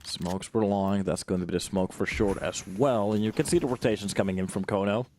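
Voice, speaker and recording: A man calls a live esports match, his fairly low voice jumping up whenever the action heats up. He talks to the viewers in a chatty, joking way between plays. A faint hiss sits under the recording. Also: fairly quick, darkish tone. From Finland. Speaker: esports commentator. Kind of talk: live game commentary.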